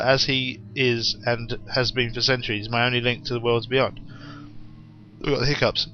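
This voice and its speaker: A young let's-play gamer works through a horror game, reading the in-game notes aloud and tossing in wry, rambling asides. His mid-range voice holds little pitch movement and keeps a normal speed. Soft music plays in the background, and the highs are cut off.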